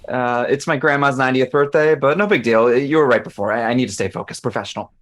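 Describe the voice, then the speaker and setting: A man's voice: medium pitch, quick pace, fairly bright tone, natural voice. A man reading the part of an eager, put-upon young assistant in a play reading, stammering nervously.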